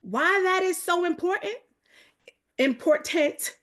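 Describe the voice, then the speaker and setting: A woman from New York with a New York accent, hosting a live motivational accountability call with fast, energetic, hype-building talk that keeps calling out to her audience. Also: high-pitched. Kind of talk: live online motivational coaching.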